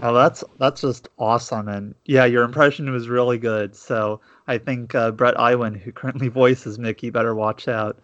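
A man's voice: medium pitch, steady tone, moderate pace, hardly any pauses, a bit bright, dry recording. A man hosting a podcast, asking casual interview questions and repeating words as he works them out. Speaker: podcast host. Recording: dry, dull lo-fi mic.

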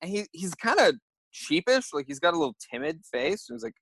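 A young man, a podcast guest, telling a story in a lively way and acting out his own thoughts. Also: high-pitched, fairly quick, vocal fry, slightly rough, no echo. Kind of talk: animated storytelling.

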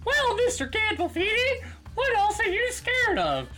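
A man's voice: very high voice, wildly swooping pitch, unhurried, over music, pitched above the performer's own voice, exaggerated voice. A man putting on the voice of a timid young girl puppet while retelling a children's show scene. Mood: timid, wondering. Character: young girl muppet, timid and wide-eyed.

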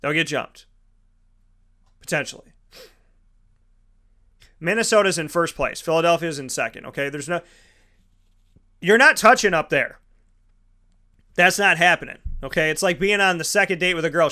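The host of a sports show, this man has a voice that sits high with a sharp edge. He rants emphatically about football, pushing his opinions and repeating points for effect.

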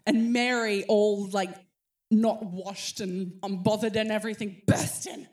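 A woman in her thirties preaching a sermon, telling a story with animated acted-out voices. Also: medium pitch, a little slow. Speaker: pastor.

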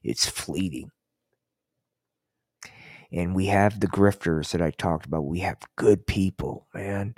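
Low-voiced older man ranting profanely. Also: slow, pauses often, a little mellow, no echo, studio quality. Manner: rambling, profane, restarts often. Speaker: podcast host. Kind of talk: casual ranting monologue. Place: Colorado.

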